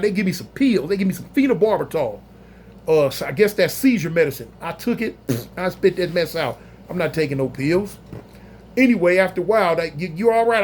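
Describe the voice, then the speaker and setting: A man telling a story in a casual, animated, slangy way, acting out other people's voices. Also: sits high. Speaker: storyteller recounting prison life.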